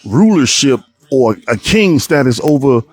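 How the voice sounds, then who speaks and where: Animated husky man hosting a podcast. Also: medium pitch, a little slow. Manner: animated, plays out quoted voices, rambling restarts. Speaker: podcast host. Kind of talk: solo opinion talk to viewers.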